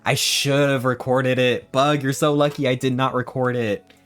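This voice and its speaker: A man streamer giving a casual, sarcastic, animated recap of a trip. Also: mid-range voice, normal speed, clear, resonant tone, soft background music.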